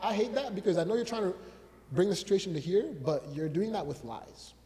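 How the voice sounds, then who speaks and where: Fast-talking high-voiced man telling stories. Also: in a large hall. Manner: animated, acts out quoted voices, frequent laughter. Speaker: comedian. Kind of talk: casual podcast storytelling.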